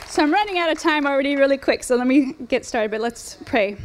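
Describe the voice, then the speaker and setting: A woman's voice: sits high, expressive, fast, a little hiss or hum. A woman in her forties giving an earnest, conversational sermon with personal testimony, using fillers and rhetorical questions. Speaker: speaker at a women's ministry event.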